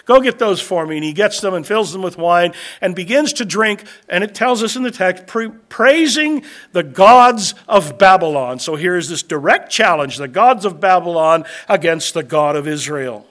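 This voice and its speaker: A man preaching a sermon that teaches through scripture, swinging between loud, emphatic lines and quiet, low asides, and slowing down to stress key phrases. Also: lively intonation.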